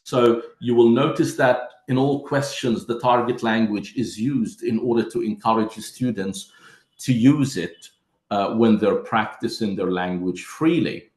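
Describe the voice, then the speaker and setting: A man's voice: mid-range voice, a little slow, darkish tone, reverberant. A man giving an online conference talk that explains step by step how to teach grammar through questions, and he calls his listeners his friends. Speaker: teacher trainer.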